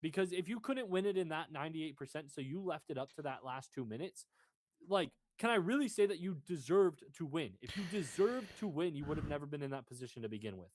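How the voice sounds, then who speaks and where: A man's voice: fairly high pitch, animated, fast. A young man in casual sports chat, emphatic and swearing as he argues his point. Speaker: podcast co-host.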